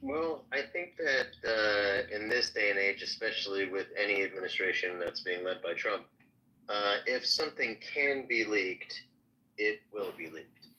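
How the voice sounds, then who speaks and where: A man giving a measured take in a political discussion, with many fillers. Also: lowish voice, pushed and bright, dull audio, a little hiss or hum.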